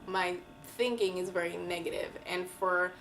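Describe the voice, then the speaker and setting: A woman's voice: on the low side, fairly even intonation, normal speed, fairly bright tone, faint music behind, rough recording. A woman talking candidly and emotionally to camera in a casual, slangy personal vlog. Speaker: vlogger.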